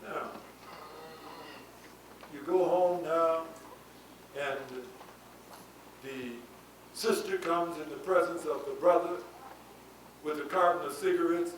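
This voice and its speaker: Man, high voice, preaching lecture, rhetorical questions, shouted emphasis, echoey hall, distant mic. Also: fairly even intonation, takes it slowly, long pauses. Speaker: spiritual leader giving a lecture. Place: lecture hall before an audience. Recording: echoey hall, voice from far off, faint hiss.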